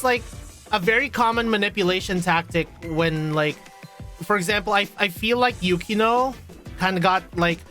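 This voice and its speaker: A streamer commenting live on a story game, excitable, laughing a lot and repeating words. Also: medium pitch.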